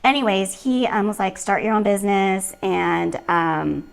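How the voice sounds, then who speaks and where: A middle-aged woman who works as a style coordinator tells stories in a casual interview, laughing often. Her medium-pitched voice is unhurried with vocal fry, and the recording is rough.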